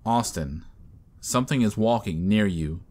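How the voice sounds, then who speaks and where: A bossy, protective young man who takes charge in a crisis, as a horror narrator reads him. His voice is deep and low, and his tone is firm and commanding. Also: animated, measured pace, darkish tone.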